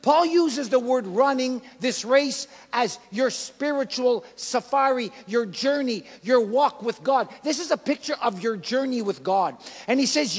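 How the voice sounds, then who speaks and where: A male pastor preaching a sermon, swinging from loud emphatic lines to quiet soft ones. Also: very high-pitched, animated, a little slow, hardly any pauses, big-room sound. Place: church.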